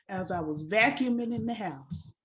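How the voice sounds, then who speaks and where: A woman's voice: medium pitch, slow, a crowd in the background. A young adult woman co-hosting a casual chat, telling stories with lots of laughter and calling people honey. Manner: animated storyteller, laughs often, says "honey". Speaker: co-host.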